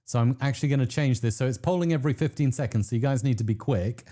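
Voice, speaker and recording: Excitable man hosting a live stream. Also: quick pace. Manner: excitable, laughs often, pitch jumps when thrilled. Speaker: livestream host.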